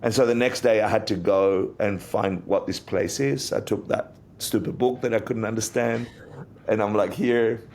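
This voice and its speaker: Man guest, low gravelly voice, animated storyteller, faint rumble behind. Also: normal speed. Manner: animated storyteller, acts out quotes. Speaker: interview guest, Buddhist teacher. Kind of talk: casual storytelling in a podcast interview.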